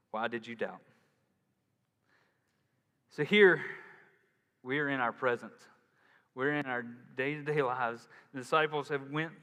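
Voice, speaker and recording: A man preaching a sermon as pastor, in a casual, animated way, acting out quotes. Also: mid-range voice. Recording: long hall reverb.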